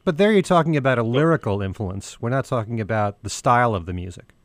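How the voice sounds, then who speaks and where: A man's voice: mid-range voice, lively intonation, fast talker, dry recording. A man who hosts a radio show, chatting about music and asking his co-host pointed questions. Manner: questioning, conversational. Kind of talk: casual music discussion.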